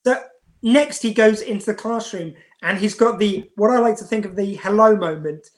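A woman co-hosting a podcast, chatting about a TV episode with quick asides and rhetorical questions. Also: mid-range voice. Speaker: podcast co-host. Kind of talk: casual chat reviewing a TV episode.

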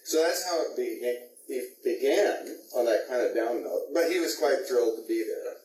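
A man's voice: mid-range voice, normal speed. Guy actor spinning a set story, keeps laughing, sounds kinda far off, roomy, a bit of hiss. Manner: animated, laughs often while telling stories. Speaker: actor guest. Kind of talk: storytelling interview. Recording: roomy, distant mic, faint noise.

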